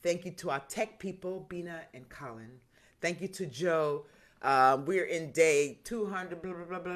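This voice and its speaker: A woman hosting an online song gathering over a video call, warm thanks and exclamations. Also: fairly low pitch, measured pace. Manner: effusive, exclaiming. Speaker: host. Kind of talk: online concert wrap-up chat.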